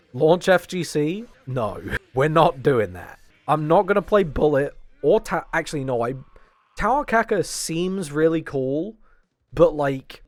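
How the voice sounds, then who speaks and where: Twenties guy rambling on stream, voice kinda shot, pitch all over the place, dry mic. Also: no room sound. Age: 20s. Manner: rambling, jokey, swears often. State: strained, tired voice. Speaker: fighting game podcast co-host. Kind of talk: casual stream chat.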